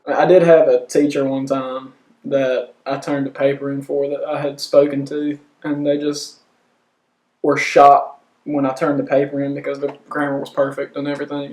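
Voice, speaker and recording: A man's voice: medium pitch, fairly even intonation, moderate pace, creaky, a little mellow, roomy sound, rough recording. A man, hesitantly recalling a story in a casual interview.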